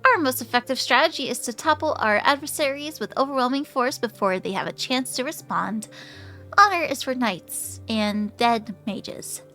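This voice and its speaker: Condescending theatrical sorcerer, read by a woman, bright and grand. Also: high-pitched, expressive, normal speed, faint music behind, full character voice. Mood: pompous. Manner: grandiose, mannered delivery. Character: pompous, theatrical mage sibling, condescending.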